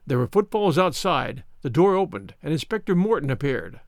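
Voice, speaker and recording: A man reading a story aloud in a measured storytelling manner. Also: on the high side, sing-song, creaky, dry recording, studio quality. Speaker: narrator. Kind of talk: scripted story narration.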